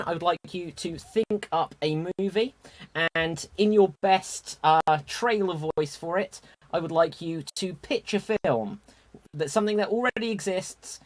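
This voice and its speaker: An upbeat man hosts a live online improv comedy show. He keeps things moving briskly and chuckles often as he hands the turn from player to player. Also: on the high side. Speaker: host.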